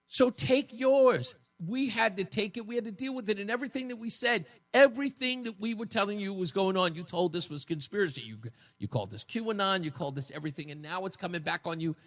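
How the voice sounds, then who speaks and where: High-voiced radio host guy, swoops up and down a lot, taunting, mocking, sometimes yelling. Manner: mocking, combative, swings between shouting and low taunts. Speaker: radio talk show host. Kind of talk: opinionated political talk radio monologue.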